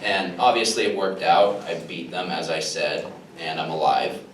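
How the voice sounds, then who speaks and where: Low-voiced young man doing stand-up. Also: steady tone, moderate pace, fairly bright tone. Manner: self-deprecating, chuckles at his own jokes. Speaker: stand-up comedian. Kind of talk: stand-up comedy set. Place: small comedy venue with a live crowd. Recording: roomy live recording from a distant mic with room noise.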